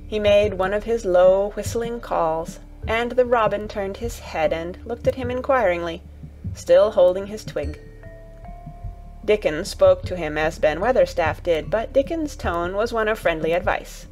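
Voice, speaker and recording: A woman narrating a children's audiobook in a calm, measured reading. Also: mid-range voice, soft background music, rough recording.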